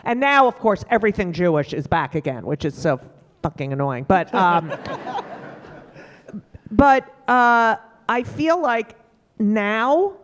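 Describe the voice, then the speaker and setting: A woman's voice: takes it slowly, slight background noise. A middle-aged woman comedian, telling stories emphatically in a panel conversation. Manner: animated, emphatic storyteller with sudden pitch jumps. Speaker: stand-up comedian.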